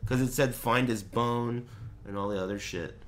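A gaming streamer plays a horror game in let's play commentary, muttering directions to himself and swearing when something startles him. His voice is mid-range and his pace moderate.

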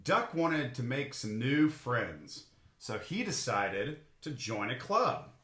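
A man reads a picture book aloud to a class of children, slow and unhurried. His voice is bright, and it rings in an echoey room. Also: medium pitch. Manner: animated, voices the animals with big roars and quacks. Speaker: teacher reading to a class. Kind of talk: storybook read-aloud for children.

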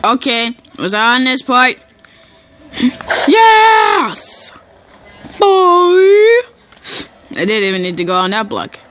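A woman giving casual let's-play commentary over a game, excitable and shouting and cheering as she plays. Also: fairly high pitch, slow pace, pauses often. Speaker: gameplay commentator. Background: game music.

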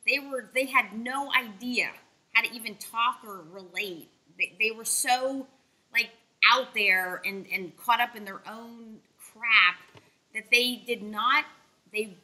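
Bright, emphatic woman host. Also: fairly high pitch, breathy edge, poor audio. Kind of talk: casual interview talk.

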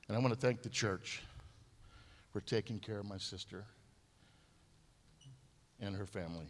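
A man with a somewhat low voice gives a eulogy at a memorial service. He tells stories, repeating phrases and restarting his sentences. His voice rings out with a long reverb in a church hall. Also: moderate pace, pauses often. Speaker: eulogy speaker.

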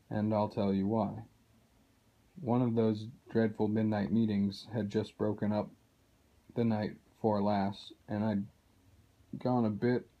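A man reading aloud as a loyal male dwarf telling what he overheard, in a plain, earnest way. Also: lowish voice. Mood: confiding. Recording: dull lo-fi recording.

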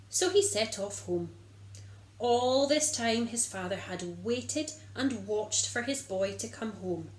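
A woman narrating a children's Bible story and leading a prayer in an expressive storytelling manner. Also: medium pitch, measured pace, echoey room, low-quality recording.

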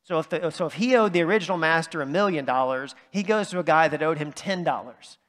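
A fast-talking male pastor gives a conversational sermon in a church sanctuary, often pausing to ask "right?". The sound is that of a large hall, and his voice is on the high side and a bit bright.

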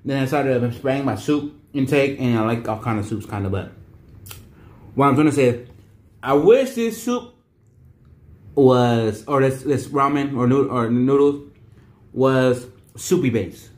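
A man's voice: medium pitch, reverberant. Rambling man, casual food vlog. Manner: rambling, repeats himself with many restarts and fillers. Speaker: vlogger.

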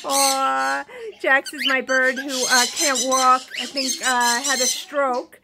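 A woman vlogging at home, cooing to her pet birds in doting baby talk and squealing when they get excited. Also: sits high, measured pace, very noisy. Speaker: vlogger, bird owner. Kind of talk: casual home vlog. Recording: loud bird squawks throughout.

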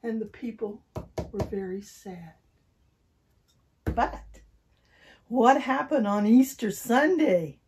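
An older woman telling a Bible story to small children, coaxing them to answer and repeat after her, whispering for sad parts and shouting for happy ones. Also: fairly high pitch, lively intonation, slow, pauses often, a little hiss or hum. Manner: coaxing call-and-response with little children; drops to a whisper and rises to shouts for feeling.

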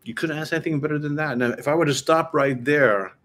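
A man preaching in a conversational way, often restarting his sentences and reading scripture slowly. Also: a little high, a bit bright. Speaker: preacher and teacher. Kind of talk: informal sermon talk.

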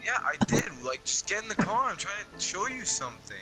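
A man's voice: high voice, very animated, brisk, sharp tone, faint music behind, poor audio. A man playing a video game with friends, making offhand, laid-back remarks in casual chat. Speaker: gamer.

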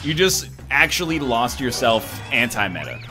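A man's voice: medium pitch, moderate pace, faint music behind. A man reading party-game prompts aloud during a livestream, joking and laughing as he goes. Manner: jokey, animated, laughs often. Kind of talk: casual banter while playing a party game.

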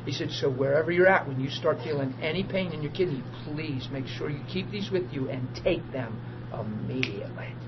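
A man preaching a testimony as a story, excitable, bursting into laughter and shouts. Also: fairly high pitch, normal speed. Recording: muffled recording with steady hum.

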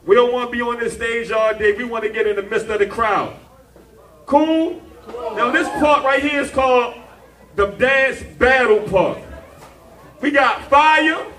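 A man working as the MC of a live rap and dance battle, shouting call-and-response chants and sing-song hype lines to a bar crowd. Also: extremely high pitch, measured pace, long pauses. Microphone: handheld stage mic through PA. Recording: echoey live room, far from mic, loud music and crowd. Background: DJ music and cheering crowd.

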